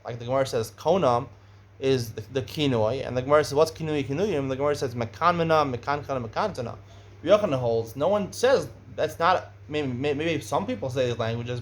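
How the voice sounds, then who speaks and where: A middle-aged man gives a Talmud study lecture, speaking conversationally and getting animated when he raises questions. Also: medium pitch. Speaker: Talmud teacher.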